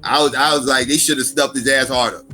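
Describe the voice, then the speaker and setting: A man hosting a casual livestream, telling stories in a profane, animated way and mocking people with put-on quotes. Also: medium pitch, quick pace, faint music behind. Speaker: stream host.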